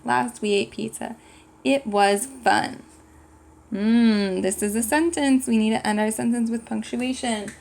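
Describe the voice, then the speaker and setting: A woman's voice: fairly high pitch, creaky, slight background noise. A woman teaching a writing lesson to young children, patiently thinking aloud and sounding out words. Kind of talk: slow, clear classroom lesson for young children.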